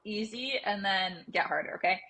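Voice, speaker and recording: A young woman co-hosting a casual podcast, animated and laughing often as she tells stories and runs a game. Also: mid-range voice, moderate pace, background noise. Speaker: podcast co-host running a game.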